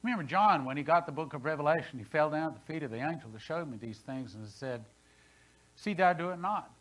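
A man in his sixties preaching a sermon as pastor, with dramatic swings between loud and hushed delivery. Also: a little high, fast, low-quality recording. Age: 60s. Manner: dramatic preaching, voice rising and falling sharply. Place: church sanctuary.

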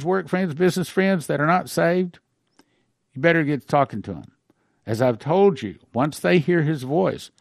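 A man's voice: mid-range voice, no echo. Earnest preaching man, dry close sound. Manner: earnest, emphatic, breaks in to explain and warn. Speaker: pastor. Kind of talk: reading a dream aloud with sermon commentary.

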